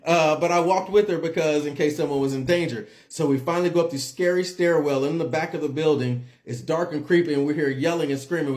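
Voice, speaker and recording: Man, slightly high voice, casual vlog, animated storytelling, repeats himself, laughs, phone mic at home. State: drowsy and dizzy. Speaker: vlogger.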